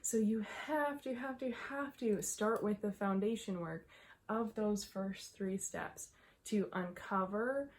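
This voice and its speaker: A woman's voice: medium pitch, takes it slowly. Breathless woman mindset coach. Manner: emphatic, repeats herself, laughs often. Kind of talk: casual talk to camera.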